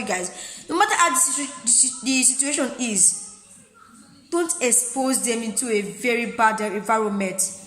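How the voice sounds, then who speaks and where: A woman's voice: high-pitched, fairly bright tone, reverberant, big-room sound. A woman vlogger making an impassioned, pleading appeal to mothers, repeating herself often. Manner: pleading, repeats herself, breaks off to tend her child. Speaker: vlogger giving advice to mothers. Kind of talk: impassioned direct-to-camera plea.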